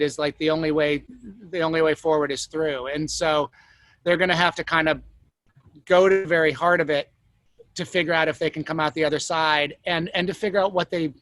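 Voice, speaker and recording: A man's voice: fairly high pitch, fairly bright tone, dry recording. Thoughtful, meandering male showrunner, dry sound. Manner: thoughtful, meandering, full of hedges. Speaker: TV showrunner and writer. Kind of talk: casual interview conversation.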